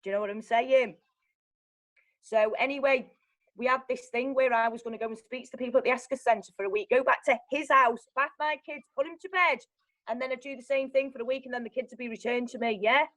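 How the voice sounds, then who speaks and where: A young woman, telling her own story as a guest in a blunt, animated way, swearing often. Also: fairly high pitch, a little fast, poor audio. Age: young adult. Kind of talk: candid personal storytelling.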